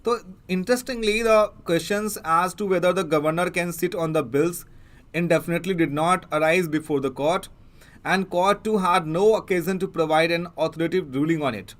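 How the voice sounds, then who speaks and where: Indian man lecturing with halting fillers. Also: on the high side. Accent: Indian English. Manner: halting, many fillers and restarts. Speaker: exam prep teacher. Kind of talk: newspaper analysis lecture.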